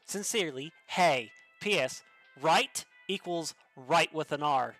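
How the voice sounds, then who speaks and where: Sarcastic young office woman, bright and cutting, slow scornful delivery , as a man puts her on. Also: on the high side, animated, soft background music, heavily acted. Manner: exasperated, sarcastic reading.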